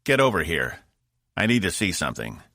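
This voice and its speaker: A man's voice: sits low, sing-song, fairly quick, sharp tone, no room sound, studio quality, exaggerated voice. A man voicing a tired, firm male crew leader in an audiobook. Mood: commanding. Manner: curt, commanding. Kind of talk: audiobook narration.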